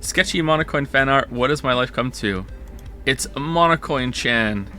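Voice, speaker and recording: A man's voice: mid-range voice, animated, a little slow, bright, forceful tone, faint music behind. A man chatting casually on a stream, rambling and joking and correcting himself mid-sentence. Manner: rambling, self-correcting, jokey.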